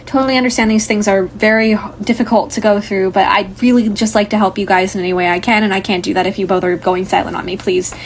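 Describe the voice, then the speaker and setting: Woman voicing a fretful, fast-talking mother in a tabletop game; a near-plain voice, slight noise behind. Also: medium pitch, steady tone, lightly acted. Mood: pleading. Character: worried middle-aged mother, talks fast.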